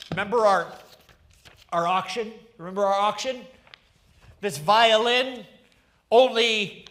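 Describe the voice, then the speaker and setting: High-voiced, slow-speaking pastor. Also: male voice. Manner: earnest, dramatic storytelling, dropping to a hush on key lines. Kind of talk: sermon. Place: church livestream.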